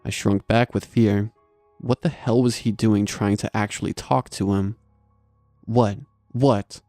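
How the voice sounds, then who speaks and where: A man reads a horror story aloud in a low, gravelly voice with a dark, mellow tone. He keeps a steady, measured pace, recorded close and dry, with faint music playing underneath. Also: no room sound. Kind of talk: scripted horror narration.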